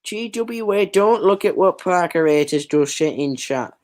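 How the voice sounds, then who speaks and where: A woman hosts a goofy livestream, talking slowly and drawing out her words. She jokes, plays at being outraged and calls out to the chat, speaking into a stream call mic. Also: lowish voice, expressive, a little mellow. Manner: joking, mock-outraged, addresses chat. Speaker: livestream host.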